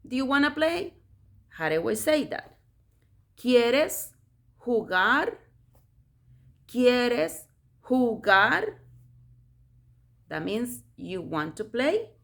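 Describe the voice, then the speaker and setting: A woman gives a casual lesson. Her voice sits a little high with a gravelly edge. She talks slowly and repeats each word in a sing-song tone as if to a baby. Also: fairly bright tone. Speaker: Spanish teacher.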